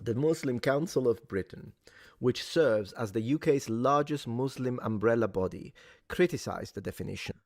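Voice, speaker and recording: A man's voice: medium pitch, moderate pace, a little mellow, no room sound, studio quality. A man co-hosting a talk show, reading news passages aloud and adding opinionated, indignant commentary. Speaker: co-host.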